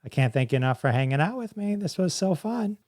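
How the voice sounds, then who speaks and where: A man hosting a podcast, upbeat and jokey, running a hashtag game and sign-off, his voice going a little hoarse. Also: lively intonation, quick pace, a little mellow, dry recording, clean studio sound. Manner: upbeat, jokey, jumps high in pitch on exclamations. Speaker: podcast host. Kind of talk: casual podcast wrap-up and hashtag game segment.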